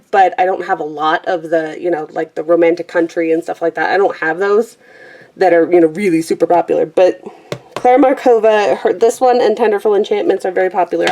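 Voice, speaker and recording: Young woman vlogger, breathy, casual rambling, mid pitch. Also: a little mellow. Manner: chatty, self-correcting, laughs often. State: slightly out of breath.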